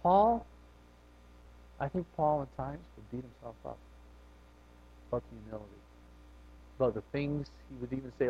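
A man preaching a conversational sermon, his voice rising and falling in loudness and pitch as he speaks. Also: moderate pace, pauses often, a little hiss or hum. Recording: dull lo-fi recording.

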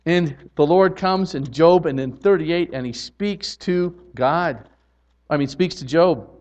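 Guy preaching a sermon, kinda high voice, earnest, gets loud and emphatic, muffled lo-fi audio. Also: takes it slowly. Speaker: pastor.

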